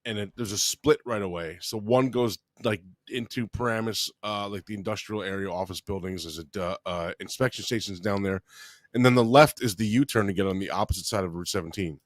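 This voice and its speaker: A man, co-hosting a comedy podcast and telling a story in an animated way, swearing freely. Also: on the low side, fairly quick, no echo. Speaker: podcast co-host.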